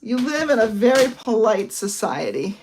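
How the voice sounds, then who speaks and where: A woman's voice: on the high side, very animated, moderate pace, a little mellow, slight background noise. A middle-aged woman from the northern United States, chatting casually as she explains a card-making project step by step. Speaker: papercraft instructor. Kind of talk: casual crafting demonstration.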